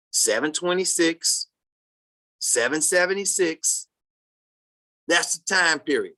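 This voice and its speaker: Sabbath class teacher, slow and bright, halting delivery with loud bursts of emphasis. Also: mid-range voice, animated. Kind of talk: reading a text aloud and commenting to a class.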